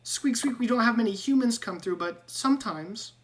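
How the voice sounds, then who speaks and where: A woman voicing a timid rat-person guide who keeps squeaking between words in a tabletop game. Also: expressive, normal speed, slight background noise, lightly acted, low-quality recording. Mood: chirpy. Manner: peppers speech with squeaks.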